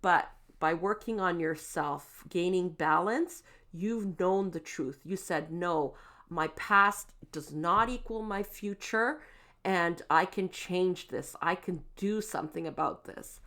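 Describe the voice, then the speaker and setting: A woman giving a tarot card reading, gentle and reassuring, with frequent fillers and "okay?" check-ins. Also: fairly low pitch, takes it slowly. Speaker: tarot reader.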